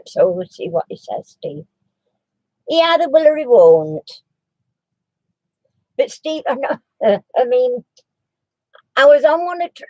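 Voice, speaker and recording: Chatty woman, mellow dry voice. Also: on the high side, dry recording, rough recording. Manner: chatty and rambling, with many restarts; coos baby talk to her dog. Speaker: crafting live-streamer. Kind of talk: casual live-stream chat.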